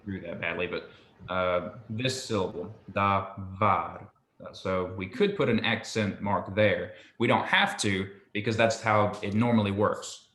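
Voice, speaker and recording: A man gives a patient one-on-one language lesson, talking slowly and pausing to check that it all makes sense. His voice sits a little low and has a bright, forceful edge. The room around him rings with echo. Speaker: Hebrew teacher. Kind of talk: one-on-one online tutoring.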